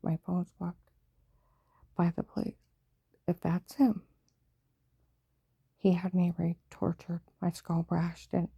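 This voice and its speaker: Gravelly, breathy woman whispering urgently. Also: fairly low pitch, no echo. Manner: mostly unvoiced whisper with sudden louder outbursts; breathless, urgent, run-on storytelling. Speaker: vlogger. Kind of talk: rambling personal monologue.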